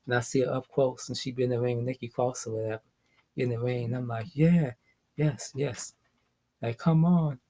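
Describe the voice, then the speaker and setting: A young man talks through wrestling news in a loose, rambling way at an ordinary middle pitch. He laughs often and drifts between excited bursts and low mumbles. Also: gravelly, slightly rough. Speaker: vlogger. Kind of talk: casual wrestling news chat.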